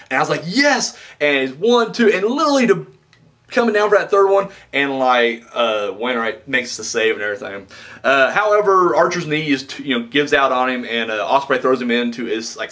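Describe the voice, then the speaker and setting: A man talks through a wrestling match he watched, in a loose, chatty review. He gets excited and trips over his words, restarting sentences and padding them with fillers. His voice sits at an ordinary middle pitch for a man. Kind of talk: casual spoken review.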